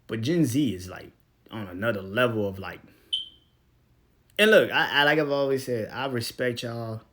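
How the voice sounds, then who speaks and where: A man's voice: mid-range voice, moderate pace. A young man hosting a podcast, ranting bluntly with lots of swearing and laughing as he goes. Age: young adult. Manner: profane, blunt, laughs often, swings between loud and mumbled. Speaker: podcast host. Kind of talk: casual ranting monologue.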